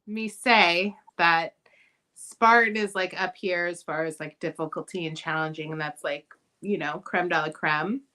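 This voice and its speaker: A woman's voice: fairly low pitch, measured pace. A woman hosting a casual chat, teasing and encouraging her guests. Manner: teasing, lively. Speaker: podcast host.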